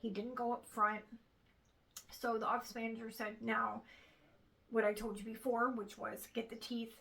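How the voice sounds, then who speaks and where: This vlogger, a woman in her thirties, tells a frustrated story to camera and acts out what others said. Her voice is on the high side, gravelly and fairly bright, with little pitch movement at a moderate pace, captured in a rough recording.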